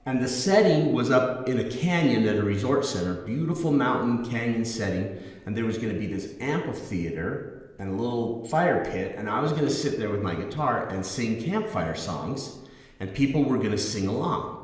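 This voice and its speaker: A middle-aged man tells a casual story to his viewers, circling back and correcting himself as he goes. His voice sits at a middle pitch and rings around a very reverberant room, with a long echo hanging after each phrase. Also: lively intonation, normal speed. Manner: rambling, self-correcting anecdote with acted quotes. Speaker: channel host, musician.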